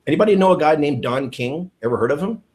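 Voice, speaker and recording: Animated, enthusiastic male trainer. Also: on the high side, quick pace. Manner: enthusiastic, animated, repeats key points. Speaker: network marketing trainer. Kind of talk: energetic training talk.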